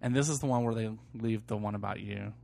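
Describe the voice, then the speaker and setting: Gravelly, joking man podcast co-host. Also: fairly low pitch, fast, dark tone. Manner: joking, reads listener emails, runs the show order. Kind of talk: casual podcast chat.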